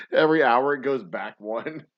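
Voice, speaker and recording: A man's voice: medium pitch, a little slow, no echo, dull audio. A man hosting a drinking livestream show, ranting crudely and laughing in rambling, profane chat. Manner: loud, crude, laughing, tipsy rants. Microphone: webcam livestream setup.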